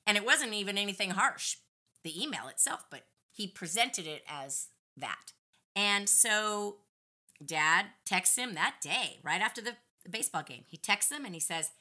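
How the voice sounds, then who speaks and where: Brief: middle-aged woman guest, very bright, forceful voice, animated and indignant storytelling. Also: mid-range voice, moderate pace. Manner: animated, indignant retelling with lively acted-out quotes. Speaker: podcast guest. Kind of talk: casual storytelling conversation.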